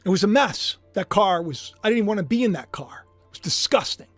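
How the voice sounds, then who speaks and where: Male livestream preacher, animated and emphatic, dry voice over faint music. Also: high-pitched, fairly quick, dry recording. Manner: emphatic, swings from hushed to shouting. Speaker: preacher streaming live.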